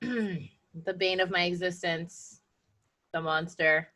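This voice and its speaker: A woman co-hosting a casual podcast, ranting in a profane, fast-talking way. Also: on the low side, fairly even intonation, bright, forceful tone. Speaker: podcast co-host. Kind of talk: casual chat.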